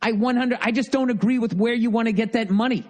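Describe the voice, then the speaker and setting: Profane ranting man, high voice. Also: steady tone, quick pace, a little mellow. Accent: Boston. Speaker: podcast host. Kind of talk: ranting monologue reading listener mail.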